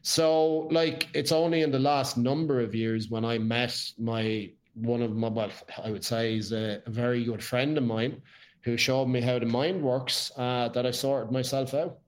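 A man's voice: mid-range voice, fairly even intonation, a little slow. An Irish man, a podcast guest, telling his life story in casual chat, blunt and swearing freely.

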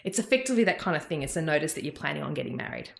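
Australian woman guest, brisk explainer, fast, roomy echo. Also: deep voice, big pitch swings, creaky, a little hiss or hum. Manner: brisk, matter-of-fact. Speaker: marriage celebrant guest. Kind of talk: explanatory interview answers.

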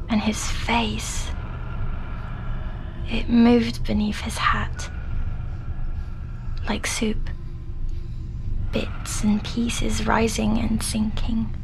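A fragile, haunted young woman in an audio drama, speaking slowly in a hushed, half-whispered way. Her voice sits fairly high but barely rises or falls, as if held flat by fear. A constant noisy hum runs under the recording. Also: creaky, heavily acted. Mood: hushed dread. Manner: hushed, often whispering, halting. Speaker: patient recounting dreams.

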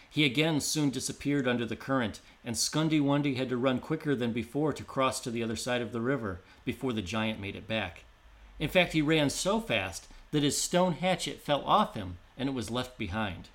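A man narrating a traditional tale in a measured, descriptive storytelling manner. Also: mid-range voice, fairly bright tone.

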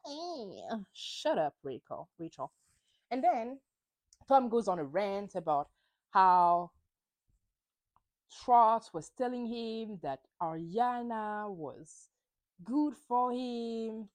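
Animated woman recapping reality TV. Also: a little high, slow pace, dry recording. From France. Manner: opinionated and animated, acts out quotes. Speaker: podcast host. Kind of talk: solo recap chat.

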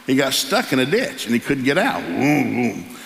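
A man's voice: mid-range voice, fairly quick. A man, preaching a sermon as pastor and telling a folksy story. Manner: folksy, animated storyteller acting out voices. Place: church sanctuary. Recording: live church hall with long reverb.

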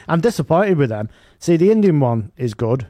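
A man's voice: a little high, sing-song, moderate pace, dark tone, no echo. A man co-hosting a podcast in casual, jokey banter, swearing freely. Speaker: podcast co-host.

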